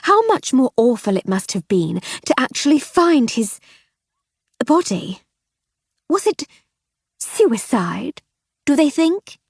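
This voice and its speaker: A woman voicing a fussy, sharp-tongued wealthy wife in her fifties in an audiobook. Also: high-pitched, very animated, slow, gravelly, pauses often, slightly rough, no echo, clean studio sound, voice pushed up, heavily acted. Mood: fussing. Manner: gushing, then icy and sharp. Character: shrill fussy rich middle-aged wife.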